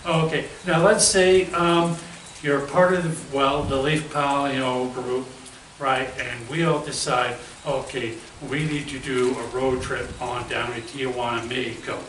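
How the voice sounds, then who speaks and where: A man's voice: medium pitch, fairly even intonation, measured pace, a bit bright, a little hiss or hum. Rambling male host, far off in an echoey room. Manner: rambling, keeps asking "right?". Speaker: interviewer host. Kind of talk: casual interview.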